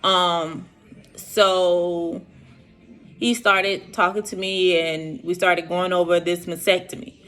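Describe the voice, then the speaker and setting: A woman's voice: fairly low pitch, level tone, slow, fairly bright tone. A young woman tells viewers her personal story in an earnest, emotional vlog, speaking to them directly. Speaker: vlogger sharing her diagnosis.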